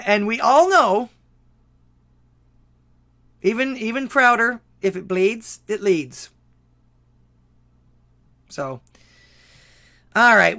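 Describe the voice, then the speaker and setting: Texan guy hosting a call-in show, rambling, bright sharp voice, keeps correcting himself. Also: high-pitched. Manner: rambling, self-correcting, opinionated. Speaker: call-in talk show host. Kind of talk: casual solo commentary.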